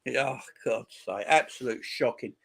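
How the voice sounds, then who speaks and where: A man's voice: mid-range voice, normal speed, gravelly, fairly bright tone. A man in his forties hosting a football channel, chatting casually with viewers on a live stream in crude, mocking banter. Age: 40s.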